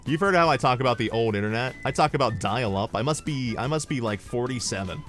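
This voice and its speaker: Over faint background music, a man streams and talks fast in a medium-pitched, slightly bright voice. His casual chat drifts through rambling stories, full of swearing and his own laughter at his jokes.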